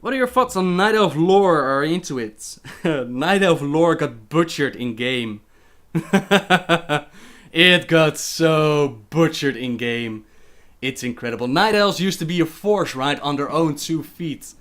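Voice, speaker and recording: A young Dutch man speaking English with his home accent, running a relaxed livestream Q&A. His voice sits a little higher than most men's. He reads out questions from the chat and answers them in an easy, chatty way. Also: a little slow. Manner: reads viewer questions aloud and answers chattily, with frequent laughs. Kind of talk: casual livestream Q&A.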